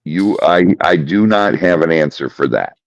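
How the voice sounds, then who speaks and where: A man co-hosting a podcast, telling a story in a slow, deliberate way. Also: sits low, expressive, no echo. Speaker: podcast co-host. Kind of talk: casual chat. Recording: dry, dull lo-fi sound.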